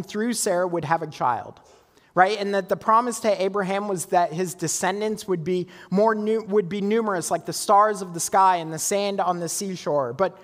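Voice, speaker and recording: A male pastor preaches in a conversational tone and often checks in with his listeners. His voice sits high. It rings with a long reverb, as in a church sanctuary. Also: a bit bright. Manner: conversational, asks listeners for agreement. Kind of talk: sermon.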